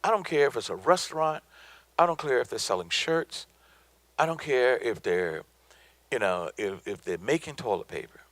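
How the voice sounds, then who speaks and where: A man's voice: mid-range voice, animated, moderate pace, a bit bright, no echo. A middle-aged man from the American South giving a motivational business talk, emphatic and preacherly, repeating his points for effect. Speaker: business speaker.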